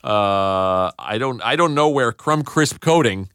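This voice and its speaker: A man hosting a podcast in casual chat, enthusiastic and quick to laugh. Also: mid-range voice, animated, a bit bright, smooth, no room sound, studio quality. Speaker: podcast host.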